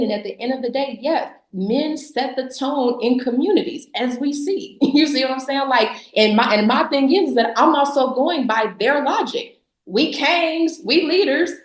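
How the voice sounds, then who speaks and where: Blunt, sarcastic woman in an echoey room. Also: on the high side. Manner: blunt, sarcastic, emphatic, laughs often. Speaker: podcast guest, business founder. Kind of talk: casual interview talk.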